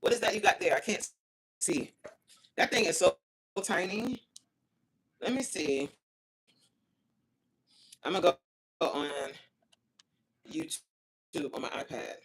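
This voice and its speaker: A woman's voice: lowish voice, animated, slow pace, pauses often, slightly rough. A woman hosting a casual phone livestream, reading viewer comments aloud and grumbling about the stream cutting out. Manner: chatty, reads viewer comments aloud, complains about glitches. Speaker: livestream host reading chat.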